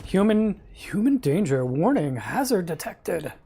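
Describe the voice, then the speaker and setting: A man's voice: high voice, very animated, a little slow, gravelly, mellow, slightly rough, voice pushed up, heavily acted. A man voicing a polite, butler-like male robot who speaks with formal, apologetic courtesy. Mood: robotic alarm. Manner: overly courteous, formal phrasing.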